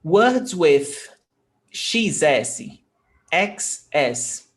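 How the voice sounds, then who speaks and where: Brief: male teacher, slightly high voice, slow, patient, spells and repeats. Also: very animated. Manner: patient, repeats words slowly and spells letters out. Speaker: Portuguese teacher. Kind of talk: online language lesson.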